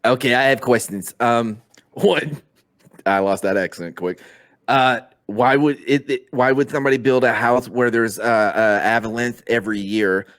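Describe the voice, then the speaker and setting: A man's voice: mid-range voice, normal speed, a bit bright. Dude at a d&d table, normal voice, jokey, rambles his questions. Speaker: player. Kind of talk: casual in-character banter.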